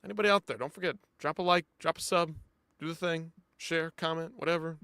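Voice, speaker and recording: A man hosting a live post-fight show in casual commentary, animated and chatty, swinging between loud outbursts and quiet asides as he talks to viewers. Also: on the high side, brisk, clear, resonant tone, no room sound.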